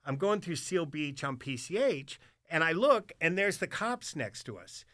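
Bright, animated man telling stories. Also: a little high, unhurried, dry recording, studio quality. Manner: swearing, animated, acts out voices in his stories. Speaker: guest storyteller. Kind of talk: casual storytelling on a podcast.

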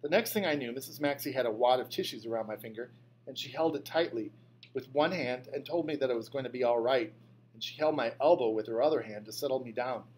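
A man reading an audiobook as a first-person storyteller, in scripted narration that turns lively on a child's outbursts. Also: mid-range voice, slight background noise.

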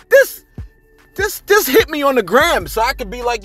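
A man's voice: very high-pitched, sing-song, unhurried, sharp tone, soft background music. A man hosting celebrity gossip in a casual, chatty way. He rambles, reads out viewer comments and keeps asking "you know what I'm saying".

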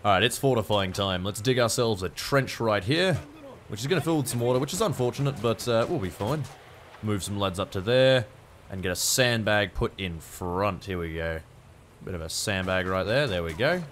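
An excitable young Australian man talks through his war game as a let's-play host. His pitch swoops up and down, and he swears and yelps whenever the action turns. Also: normal speed, slight background noise. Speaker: gaming YouTuber.

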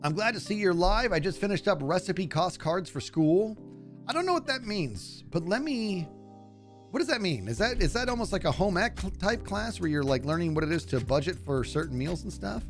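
A man's voice: sits high, big pitch swings, moderate pace, soft background music. A middle-aged man streaming live, telling rambling, self-deprecating stories to his chat in a casual way.

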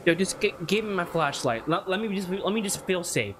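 A man's voice: high voice, expressive, fairly quick, background noise. Jittery man yelping through a horror game. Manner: jittery, mutters repeated worries, sudden yelps. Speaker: gaming YouTuber. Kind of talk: nervous horror game commentary.

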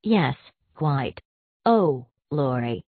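Grief-struck young girl in an audiobook, read by a woman, sobbing and halting; low and dry. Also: animated, husky, no echo, exaggerated voice. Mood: tearful. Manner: sobbing, stammering. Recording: tinny phone-like dry sound.

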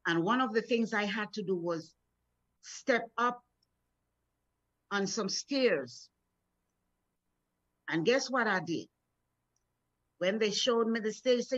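A woman's voice: a little high, animated, measured pace, pauses often, a bit bright. A middle-aged woman minister from Florida gives a morning devotional in an encouraging, storytelling way. She often repeats words as she builds momentum. The recording sounds dull and lo-fi. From Florida, USA. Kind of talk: devotional sermon.

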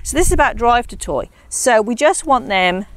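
A woman's voice: fairly high pitch, animated, normal speed, no echo. A woman dog trainer giving a chatty, casual training demonstration, talking to her dogs between explanations.

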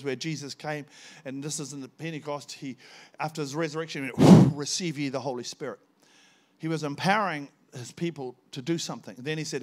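An older man, a visiting preacher telling a personal testimony in a sermon and acting out the dialogue. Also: a little high. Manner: animated storytelling, acting out dialogue.

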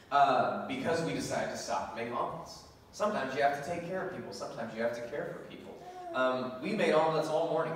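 A man's voice: fairly high pitch, a little hiss or hum. Man preaching in an echoey church. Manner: animated storytelling with laughs and scripture reading. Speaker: pastor. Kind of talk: sermon. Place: church sanctuary. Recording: echoey church hall from far off.

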